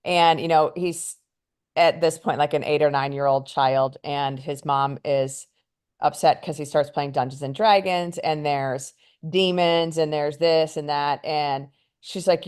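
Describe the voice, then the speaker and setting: A woman's voice: sits low, fairly even intonation, unhurried, darkish tone, clean tone. A woman co-hosting a podcast in casual chat, chatty and prone to tangents. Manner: camera shy. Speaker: podcast co-host.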